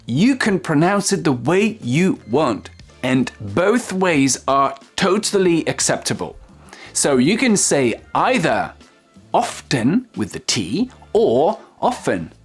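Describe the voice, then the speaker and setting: A teacher with a French accent giving a casual online pronunciation lesson, slowly repeating words with fillers. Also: mid-range voice, big pitch swings, slightly rough, soft background music. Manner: slow, repeats model words, many fillers.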